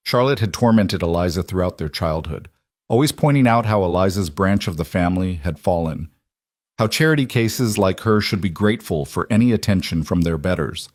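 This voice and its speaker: A man narrating a scripted frontier story in a steady storytelling manner. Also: sits low, brisk, no room sound, studio quality.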